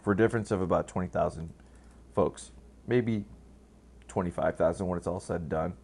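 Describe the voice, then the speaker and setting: Deep-voiced man giving blunt, profane political talk. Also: fairly quick, creaky, darkish tone, breathy edge. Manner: blunt, profane, rambling with many fillers. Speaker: political commentator. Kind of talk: casual political commentary.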